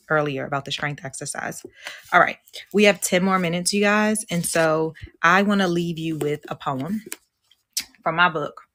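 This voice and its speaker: Woman coach, live talk, slightly low voice, chatty and encouraging, shifts into rhythmic poetry reading. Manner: chatty and encouraging, asks the audience questions; rhythmic spoken-word reading. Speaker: host and coach.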